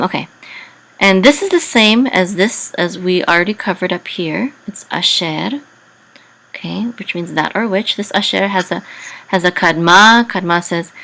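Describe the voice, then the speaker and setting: A woman teaching biblical Hebrew reading, carefully spelling out letters and vowel sounds with frequent pauses. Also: on the low side, creaky, sharp tone, rough recording. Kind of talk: slow explanatory lesson.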